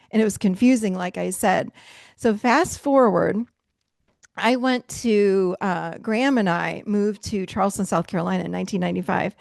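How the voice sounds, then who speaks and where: A middle-aged woman leading a virtual workshop, telling stories in a casual, animated way and acting out what people said, with frequent laughs. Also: medium pitch, normal speed, gravelly, no echo, clean studio sound. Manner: animated storytelling, acts out quotes with laughs. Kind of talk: casual talk to a group. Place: video call. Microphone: video call mic.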